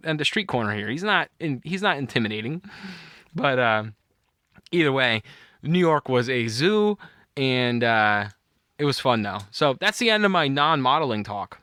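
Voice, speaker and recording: A man's voice: medium pitch, lively intonation, a little fast, a bit bright, smooth, no echo, studio quality. A middle-aged man co-hosting a podcast, telling a rambling story in casual chat and laughing at his own anecdote. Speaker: podcast co-host.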